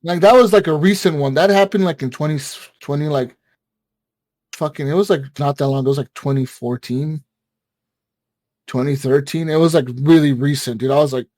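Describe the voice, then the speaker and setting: A man co-hosting a gaming podcast, telling a story in casual chat, excitable and profane, with lots of fillers and acted-out quotes. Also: fairly high pitch, normal speed, no room sound. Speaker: podcast co-host.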